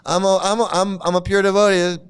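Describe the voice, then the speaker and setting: A man's voice: high-pitched, level tone, fast talker, clean tone, lightly acted. A man voicing a sheepish, evasive man who brushes off questions about his deer.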